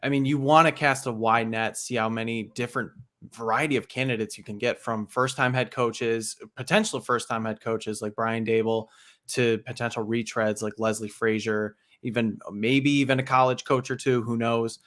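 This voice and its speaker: A man who is a guest on a sports talk show talks eagerly and chattily, often restarting his thoughts. His voice is mid-pitched and sounds plain. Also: steady tone, normal speed, fairly bright tone.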